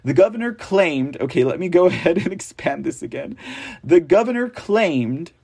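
A man's voice: high-pitched, animated, a little mellow, breathy edge. A man hosting a political news show, reading stories aloud with sarcastic, rambling, mocking asides. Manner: slow, drawn-out delivery.

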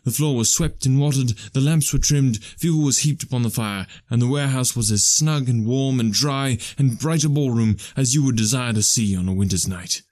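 A man narrates a classic story in a steady, measured way. His voice sits at a middle pitch for a man. The recording is dry and close, with no room echo. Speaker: audiobook narrator.

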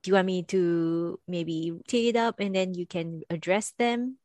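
A woman's voice: fairly low pitch, steady tone, unhurried, a little mellow, dry recording. A woman co-hosting a podcast, chatty and playful, who laughs easily in casual talk. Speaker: podcast co-host.

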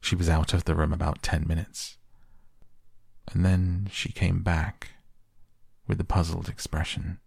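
A man narrating a classic novel softly and calmly as a bedtime story. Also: deep voice, measured pace, vocal fry, long pauses, slightly rough, no room sound, clean studio sound. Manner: gentle, calm. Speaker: audiobook narrator. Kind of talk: soft bedtime story reading.

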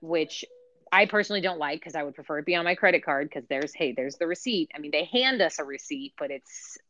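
A woman's voice: low-pitched, animated, fairly quick, fairly bright tone, dry recording, muffled recording. A woman on a podcast panel, chatting casually and explaining things as she thinks aloud.

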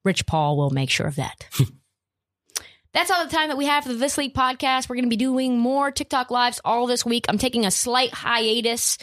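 On her sports podcast, this host launches into profane, lively rants, cursing without restraint in a casual tone. Her voice runs a little high and her pace is ordinary.

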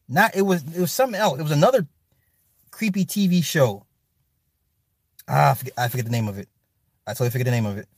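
A man hosting a livestream, chatting casually and reading comments, loose and profane, with loud animated outbursts. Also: a little high, no echo, clean studio sound. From Chicago. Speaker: livestream host reading chat. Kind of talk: casual chat.

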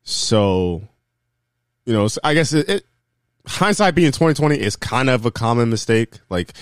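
Young male podcast co-host, lowish voice, dry close mic, animated storyteller who acts out the people he quotes. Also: clean tone, dry recording. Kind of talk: casual chat.

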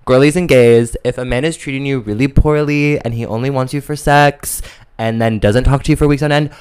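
A young man co-hosting a podcast, telling a story in a sassy, animated way and acting out quotes. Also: mid-range voice, brisk, smooth. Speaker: podcast co-host. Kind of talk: casual chat, storytelling.

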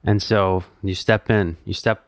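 A man's voice: fairly low pitch, flat delivery, unhurried, dry recording, clean studio sound. A man hosting a casual chat, jumping in with short remarks and follow-up questions.

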